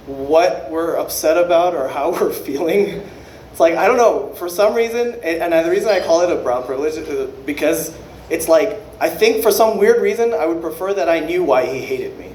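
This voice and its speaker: A man doing an unrehearsed stand-up set, rambling and profane, with quick self-correcting asides. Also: fairly high pitch, a little mellow, echoey room, a little hiss or hum. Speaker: stand-up comedian.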